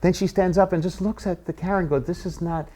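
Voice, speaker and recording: A middle-aged man, a guest comedian, telling an animated anecdote and acting out the people in it. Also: sits high, rapid-fire. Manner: animated anecdote-telling, acts out quoted voices. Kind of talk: storytelling chat.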